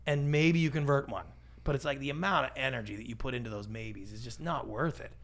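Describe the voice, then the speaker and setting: Middle-aged guy w/ gravelly voice, podcast guest, acts out quotes, jumps around a lot. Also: medium pitch, fast talker, fairly bright tone. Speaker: guest, pitch expert. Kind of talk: podcast interview.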